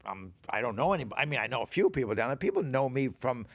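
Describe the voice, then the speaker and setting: Gravelly older man spinning stories. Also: medium pitch, big pitch swings, very fast, fairly bright tone, no room sound. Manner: rambling anecdotes with acted-out dialogue. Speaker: podcast guest. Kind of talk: casual storytelling chat. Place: podcast studio.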